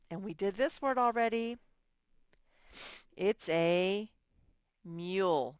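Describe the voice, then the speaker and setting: A woman's voice: mid-range voice, slow pace, pauses often, clear, resonant tone, dry recording. A woman teaching a reading lesson to young children, drawing out words and sounding out letters. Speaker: first-grade teacher.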